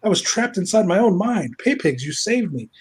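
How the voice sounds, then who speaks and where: A man voicing a foul-mouthed young woman who streams on webcam, pitched above his own voice. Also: very animated, moderate pace, husky, full character voice. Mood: relieved. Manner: exclaiming, crude.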